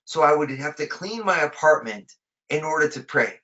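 A man's voice: on the high side, lively intonation, normal speed, sharp tone, highs cut off. A man preaching a sermon in a conversational way, often repeating words as he rephrases his thoughts.

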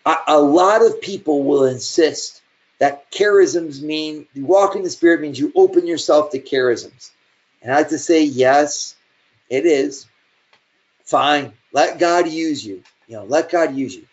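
A man delivering a sermon with a slightly high voice. He talks in a conversational, storytelling way and leans hard on certain phrases. The recording is dull and lo-fi. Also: unhurried. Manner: conversational storytelling with shifting emphasis. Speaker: preacher.

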